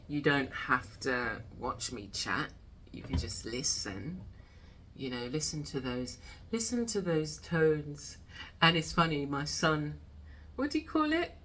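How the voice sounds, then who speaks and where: A woman's voice: sits low, expressive, takes it slowly, fairly bright tone, a little hiss or hum. A woman hosting a casual chat about creativity, reflective and chatty. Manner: reflective, chatty, laughs often. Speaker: host.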